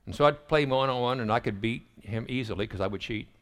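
A man's voice: medium pitch, fast talker, a little hiss or hum. A middle-aged man preaching a sermon, telling family stories and acting out the dialogue along the way. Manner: acts out family dialogue in a lively storytelling way. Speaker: pastor. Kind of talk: sermon storytelling.

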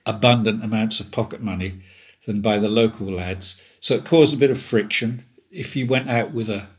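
With a fairly low pitch and moderate pace, an older Englishman in his seventies rambles amusedly through stories as a guest, laughing often during the casual talk.

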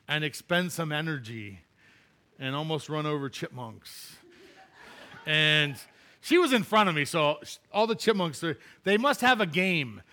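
Bright-voiced chatty male pastor. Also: a little high. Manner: chatty storytelling, laughs at himself. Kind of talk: sermon with personal story.

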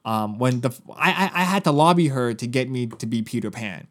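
A man's voice: mid-range voice, a little fast. A man in his thirties, a podcast co-host, telling a story in casual chat, swearing often and acting out other people's lines. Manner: animated, profane, acts out other people's lines.

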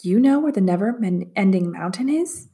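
A woman voicing a sad, gentle young male dragon who speaks slowly and sorrowfully in a storybook reading. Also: mid-range voice, lively intonation, natural voice. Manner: slow, sorrowful, halting.

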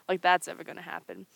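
A woman's voice: medium pitch, vocal fry, no echo. Jokey woman reading movie scripts for fun, dry close sound. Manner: laughs between lines, jokey. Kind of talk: playful casual script reading.

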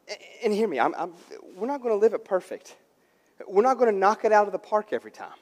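A man in his thirties preaching a sermon as pastor, emphatic and swelling louder and softer, often stammering and restarting phrases. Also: high voice, sing-song, fast talker, big-room sound.

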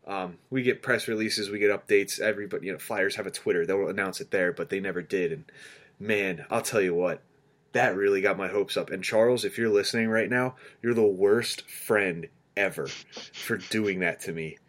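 Podcast co-host, male, low-pitched, animated storyteller who acts out quotes. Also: moderate pace. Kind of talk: casual sports chat.

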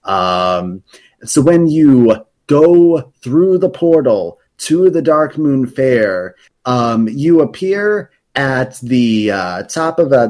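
A man's voice: mid-range voice, a little mellow. A man in casual podcast chat, explaining game lore at length with many fillers and restarts.

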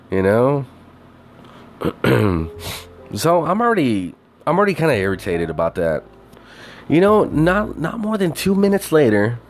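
Low-voiced man ranting with constant swearing. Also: a little hiss or hum. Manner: animated, heavy swearing, many fillers. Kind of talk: casual storytelling rant.

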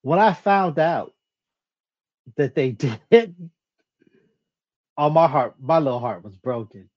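Lively, slow-talking podcast storyteller. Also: medium pitch, highs cut off. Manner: animated retelling, acts out quoted dialogue, laughs at self. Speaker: podcast co-host. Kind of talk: casual chat, storytelling.

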